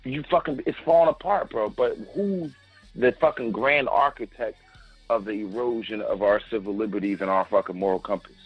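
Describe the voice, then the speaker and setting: A man's voice: lowish voice, moderate pace, slightly rough, no echo. Profane joking man, muffled audio. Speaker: podcast co-host, former Marine. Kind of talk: casual profane chat. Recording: muffled lo-fi podcast audio, faint music.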